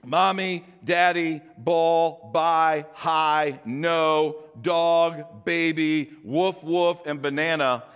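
Older man, pastor, chatty sermon, slightly high voice, long echo of a big hall. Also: drawn-out words, hardly any pauses, clean tone. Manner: conversational, animated, frequent rhetorical questions.

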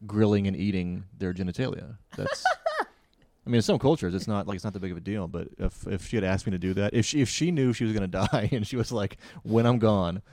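Young man, lowish pitch, deadpan crude humor, halting delivery, dry close recording. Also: dry recording. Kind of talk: crude casual chat.

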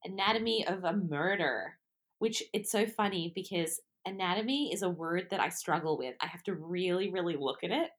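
A young Australian woman co-hosts a podcast, chatting casually in a fairly low, expressive voice at a moderate pace. She's giggly and self-deprecating and trips over her words.

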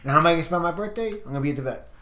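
A man of fifty co-hosting a podcast in casual, profane, excitable chat. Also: on the high side, rapid-fire, reverberant. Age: 50s. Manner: profane, excitable, laughs a lot. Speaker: podcast co-host.

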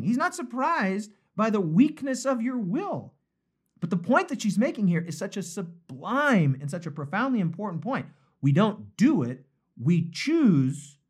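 A male pastor preaches in a relaxed, conversational way during a live-streamed devotional. His pitch swings widely, rising and falling for emphasis. He repeats key phrases to drive them home. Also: a little slow, slightly rough.

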